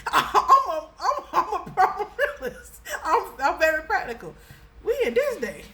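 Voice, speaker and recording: Animated, laughing young woman telling a story. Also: normal speed. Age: young adult. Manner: animated and laughing, with dramatic pitch jumps. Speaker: storyteller, vlogger. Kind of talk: casual storytime vlog.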